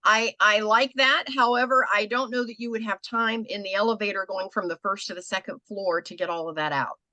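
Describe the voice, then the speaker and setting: An older American woman coaching a group on business pitches, conversational and animated. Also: brisk, no echo. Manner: conversational, animated, acts out quoted people.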